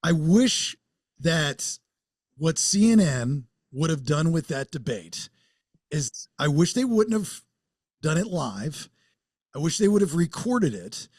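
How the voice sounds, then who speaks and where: Podcast co-host, man, high husky voice, rambling rant, dry mic. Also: very animated, slow, darkish tone, dry recording. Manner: rambling, restarts mid-thought, ranting. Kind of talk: casual chat.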